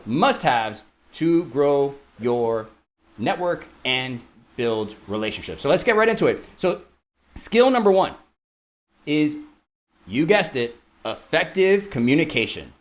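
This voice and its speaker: A male podcast co-host who explains sales tactics in a lively voice that swings up and down in pitch. He chats casually and often breaks in with quick agreement. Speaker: podcast co-host and real estate coach.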